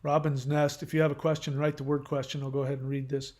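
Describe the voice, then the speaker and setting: A man's voice: mid-range voice, little pitch movement, fast talker, a little mellow, roomy sound. A man hosting his channel, reading viewer comments aloud and answering them in a blunt, lecturing way.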